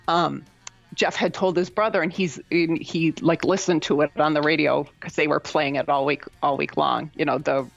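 A woman's voice: moderate pace, gravelly, lo-fi sound. A woman with a Midwestern American accent, telling stories as an interview guest and acting out the voices of the people in them. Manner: animated, acts out quoted voices with big pitch jumps. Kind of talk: storytelling interview.

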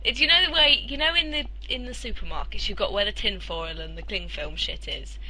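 A woman talking on a podcast microphone. Her voice is very bright and clear at mid pitch, and she rambles through explanations full of fillers and casual swearing. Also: lively intonation, brisk, poor audio. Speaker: podcast co-host.

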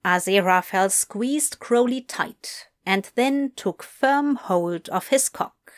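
A woman narrating fan fiction in a soft, hushed, intimate reading voice. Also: medium pitch, lively intonation, slow pace.

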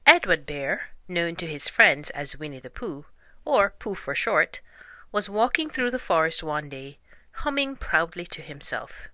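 Expressive woman reading a storybook. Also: fairly low pitch, unhurried, no echo. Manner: gentle, expressive read-aloud storytelling. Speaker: narrator.

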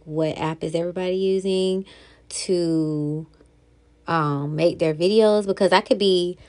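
A woman's voice: low voice, a little mellow. A woman hosting her own podcast in casual solo chat, upbeat and chatty, talking straight to her listeners. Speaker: podcast host.

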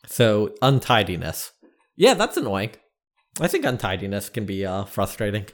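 A man's voice: lowish voice, big pitch swings, normal speed. A man co-hosting a podcast in casual chat, easygoing as he reads out listener submissions. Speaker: podcast co-host.

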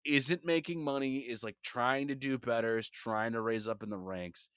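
Animated, bright-voiced young podcast host. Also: male voice, medium pitch, normal speed, clean tone, dry recording, studio quality. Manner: animated, profane storytelling with voices. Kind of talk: casual chat.

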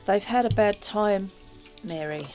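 A woman's voice: medium pitch, unhurried, darkish tone, faint music behind, natural voice. A woman voicing a blunt, protective woman adventurer in a plain, matter-of-fact way. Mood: serious.

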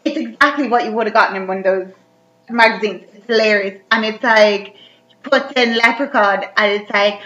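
Bright, chatty woman. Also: mid-range voice, brisk. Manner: chatty, animated storytelling. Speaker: podcast co-host. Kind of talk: casual chat recapping a film. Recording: roomy, dull lo-fi recording.

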